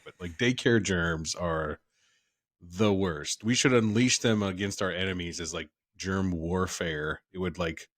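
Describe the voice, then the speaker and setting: A man's voice: sits low, fairly bright tone. A man in his thirties co-hosting a podcast, chatting casually in a rambling, jokey way. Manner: rambling, jokey, trails off and restarts. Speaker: podcast co-host. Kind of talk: casual chat.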